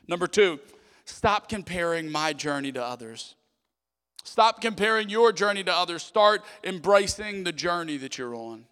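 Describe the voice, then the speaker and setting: Bright, animated preacher in a reverberant hall. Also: male voice, high voice, normal speed, clear, resonant tone. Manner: animated, conversational preaching with frequent "okay?" asides. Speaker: pastor. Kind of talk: sermon.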